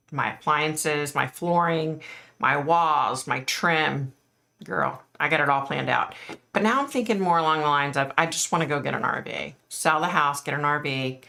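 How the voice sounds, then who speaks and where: Low, gravelly woman chatting on a live stream. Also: sharp tone. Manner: chatty, frank, lots of "like" and "you know". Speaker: psychic medium hosting a live stream. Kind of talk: casual live-stream chat, answering viewer comments.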